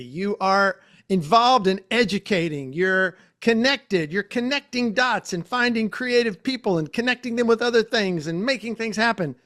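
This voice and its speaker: Age and accent go unstated, but what you hear is a man with a notably high-pitched speaking voice, gushing with praise and laughing often as he hosts a podcast interview. He talks to his guest in a casual, chatty way over a video call. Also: a bit bright. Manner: effusive, enthusiastic, quick to laugh. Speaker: podcast host.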